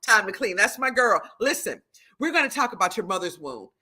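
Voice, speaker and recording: A middle-aged woman hosting a live stream, teaching and greeting viewers by name in an animated, preacherly way. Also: mid-range voice, brisk, husky. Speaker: livestream host and prophetess.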